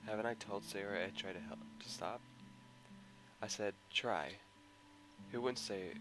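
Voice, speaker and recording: A man's voice: on the low side, rough recording. A man giving a dramatic first-person narration of a visual novel with an emotional, anguished delivery. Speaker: visual novel mod reader. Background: guitar music.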